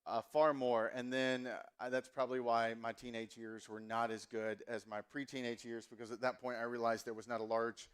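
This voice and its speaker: A man's voice: mid-range voice, level tone, moderate pace, hardly any pauses, clear, resonant tone. A pastor in his forties from the Southern US, preaching a sermon in a casual, chatty, self-mocking way with plenty of ums. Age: 40s.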